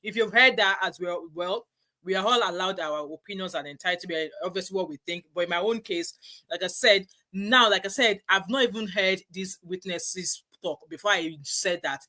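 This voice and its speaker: A woman's voice: fairly low pitch, moderate pace, pushed and bright. A woman hosting a casual panel chat, emphatic and repeating herself. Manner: emphatic, repeats herself, rises when stirred. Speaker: host.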